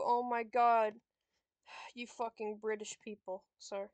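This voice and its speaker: High-voiced woman swearing at a game. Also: flat delivery, takes it slowly, clear, resonant tone, dry recording. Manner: frustrated, swearing, talking to herself. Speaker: streamer playing a board game. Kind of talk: casual gameplay commentary.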